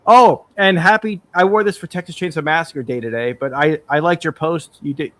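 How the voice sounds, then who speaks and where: A man guesting on a podcast, chatting casually in a loose, fast manner and swearing freely. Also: on the high side, a bit bright, dry recording. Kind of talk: casual chat.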